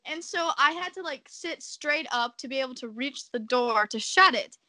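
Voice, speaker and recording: A young woman, a podcast guest, telling a story in casual chat, animated and laughing often, acting out the quotes. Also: high-pitched, normal speed, no room sound.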